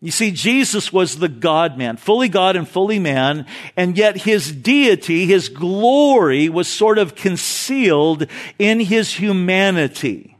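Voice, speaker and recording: A man preaching an expository sermon, retelling Bible stories in an animated, casual way. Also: high-pitched, unhurried. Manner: animated storytelling, paraphrases Bible figures casually. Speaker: pastor.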